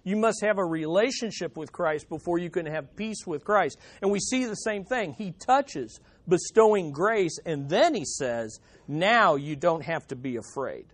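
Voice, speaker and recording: A man's voice: high-pitched, expressive, unhurried, hardly any pauses. A man preaching a sermon, stressing points by repeating them. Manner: emphatic, repeating key phrases. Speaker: pastor.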